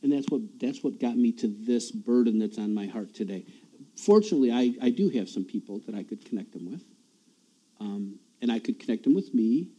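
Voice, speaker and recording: A man's voice: mid-range voice, animated, a little fast, warm tone, poor audio. A man preaching a sermon in a church, talking in a conversational way, often repeating words and chuckling at himself.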